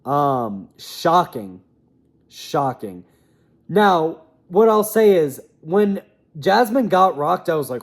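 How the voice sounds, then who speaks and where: A man's voice: a little high, big pitch swings, takes it slowly. A young man giving a casual, rambling, opinionated recap of fight results, often trailing off into mumbles. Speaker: MMA commentator.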